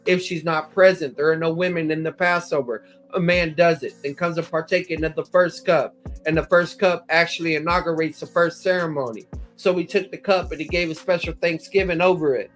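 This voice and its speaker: A man with a fairly high, fairly bright voice gives an explanatory lecture on scripture as a Bible teacher. He talks a little fast with fairly even intonation, cites verse numbers and paragraphs, and sometimes restarts words. Soft music plays in the background.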